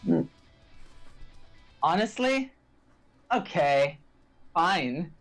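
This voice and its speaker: A woman's voice: lowish voice, sing-song, very slow, soft background music. A woman playing a tabletop game, describing her moves in a hesitant way with many fillers. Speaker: player. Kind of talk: casual tabletop play.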